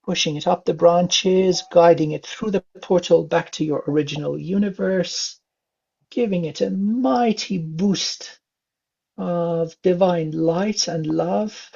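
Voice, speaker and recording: A man gives a calm, unhurried spiritual reading in a gravelly, somewhat husky voice, his speech full of soft filler sounds. The recording is dull and lo-fi. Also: high-pitched. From England. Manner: calm, gentle, many filler uhs. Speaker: spiritual reader. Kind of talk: psychic reading session.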